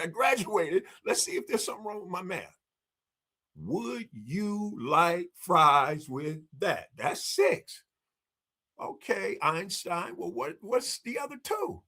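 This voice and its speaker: A man's voice: high voice, fairly bright tone. A man speaking as a marketing strategist guest in a podcast interview, telling stories emphatically, acting out bits of dialogue and speaking straight to the audience. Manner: emphatic, acts out dialogue, addresses the audience directly. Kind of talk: energetic podcast interview storytelling.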